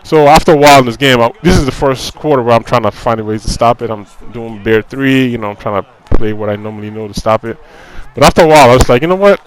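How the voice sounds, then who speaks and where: Over a rough recording, a gaming commentator with a mid-range voice talks at a quick pace with few pauses while playing his own football video game. His commentary is a frustrated, conversational rant full of "you know" and repeated phrases.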